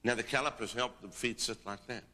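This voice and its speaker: Middle-aged preacher guy, super bright sharp voice, booming big hall echo, gets declamatory. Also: fairly quick. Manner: animated storytelling, rising into declamatory prophecy. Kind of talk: sermon with testimony and prophetic exhortation. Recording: long reverb of a large hall.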